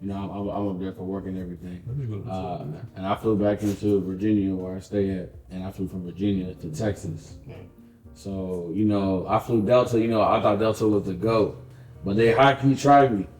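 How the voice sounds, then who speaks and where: A man co-hosts a podcast, chatting and telling stories in a casual, animated way, swearing plenty and acting out dialogue. His voice is deep at a normal pace, and the poor-quality, reverberant audio carries soft background music.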